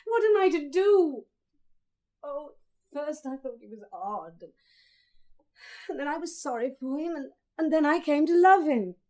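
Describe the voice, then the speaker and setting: Lovesick sister, vintage radio play, urgent, quick bursts, slightly high voice. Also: female voice, lively intonation, dark tone. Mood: impassioned. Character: passionate younger sister, impulsive and lovesick.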